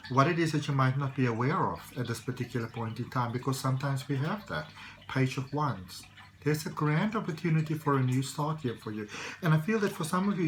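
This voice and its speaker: A man's voice: mid-range voice, a little hiss or hum, poor audio. A man giving a casual tarot reading, rambling and reassuring with many fillers. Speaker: tarot reader.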